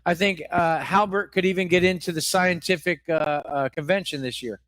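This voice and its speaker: High-voiced man, mock-serious comic host. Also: fairly even intonation, moderate pace, a bit bright, no echo. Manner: mock-serious questioning, swears, rambling rants. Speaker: comedy podcast co-host. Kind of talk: live improvised comedy interview.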